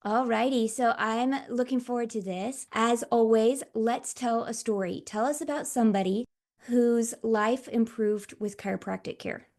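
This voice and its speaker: A woman's voice: fairly high pitch, steady tone, a little slow, a little mellow. A woman hosting a podcast, introducing her guest and asking questions in an upbeat, encouraging way. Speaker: podcast host. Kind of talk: podcast interview.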